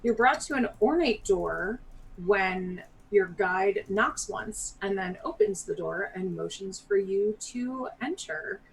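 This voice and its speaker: A woman narrating a tabletop game as game master, relaxed and quick to laugh. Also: medium pitch, vocal fry, recorded from a distance, a little hiss or hum, poor audio.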